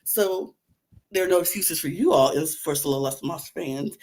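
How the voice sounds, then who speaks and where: A woman's voice: low-pitched, moderate pace, a little mellow. A woman co-hosting a podcast with sassy, theatrical banter, sounding a little sick. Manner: sassy, theatrical, playfully defensive. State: sick, congested. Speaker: podcast co-host.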